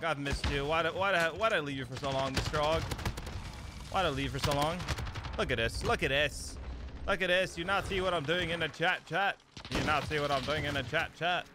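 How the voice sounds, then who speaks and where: A young man with a higher voice streams a shooter game live, trash-talking and repeating catchphrases as he comments on his play. Loud gunfire and explosions from the game fill the background.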